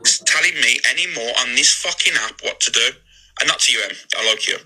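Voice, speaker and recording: A man's voice: medium pitch, lively intonation, fairly quick, bright, forceful tone, breathy edge, poor audio. A man ranting defensively on a live stream, agitated and swearing often. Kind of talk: heated live-stream rant.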